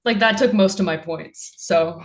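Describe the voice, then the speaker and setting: Woman, tabletop player, casual chat, mid pitch. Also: a little slow.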